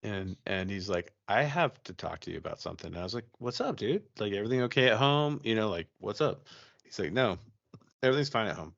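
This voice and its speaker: A man's voice: lowish voice, expressive, fast, gravelly, fairly bright tone, no room sound, dull audio. A man co-hosting a podcast, chatting casually and telling a ghost story, profane and rambling with many restarts. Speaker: podcast co-host.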